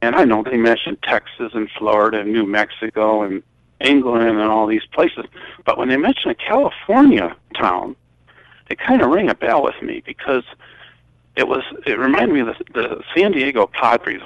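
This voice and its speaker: A man's voice: medium pitch, animated, no echo. Older guy from michigan telling a long story, voice jumps all over, dull dry recording. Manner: rambling, halting storyteller with many restarts. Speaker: guest. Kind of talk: recounting a personal story.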